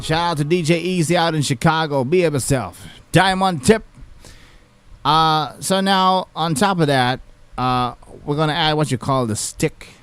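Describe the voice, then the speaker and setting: A man's voice: on the high side, unhurried, clean tone. A man, a music producer talking casually through a beat-making tutorial with lots of fillers. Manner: relaxed, chatty, many fillers. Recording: music playing behind the voice.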